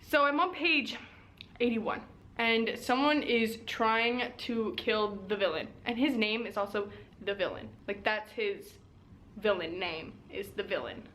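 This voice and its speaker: A woman's voice: medium pitch, a little slow, fairly bright tone, slight background noise. A young woman chatting animatedly about a fantasy romance book she is reading, with lots of laughs and fillers in a casual vlog. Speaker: book vlogger. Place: at home.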